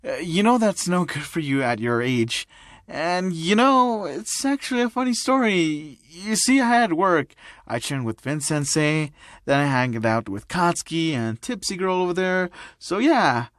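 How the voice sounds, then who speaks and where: A man's voice: fairly high pitch, very animated, measured pace, fairly bright tone, no echo, clean studio sound. A man playing a whiny nervous teen hero boy. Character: nervous lazy teenage boy hero student.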